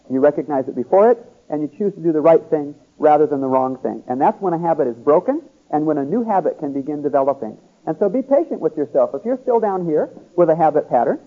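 A man preaching in a relaxed, conversational way, pausing to ask his listeners "See?" and "Okay?". His voice sits a little high and sounds husky. The sermon comes through a thin, phone-like radio broadcast. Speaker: pastor. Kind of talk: sermon teaching.

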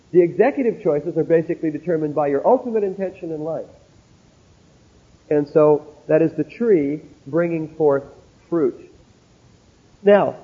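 In a tinny, narrow-band old recording, a man with a husky, fairly high voice delivers an earnest, sermon-style lecture to students in a classroom with a board. He speaks directly and tells stories, adding asides along the way.

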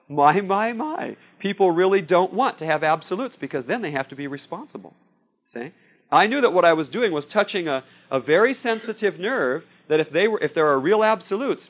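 A man giving a sermon in a conversational way, telling personal stories and often checking in with "See?" and "Okay?". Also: a little high. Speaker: preacher. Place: room with a live audience. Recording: dull lo-fi recording.

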